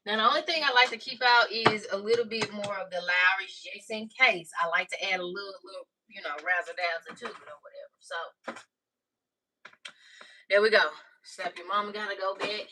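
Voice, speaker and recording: A woman's voice: medium pitch, normal speed, pushed and bright. A woman chatting casually through a cooking tutorial, calling viewers "y'all" and "baby". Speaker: cooking vlogger. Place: home kitchen. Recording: slightly distant mic with faint noise.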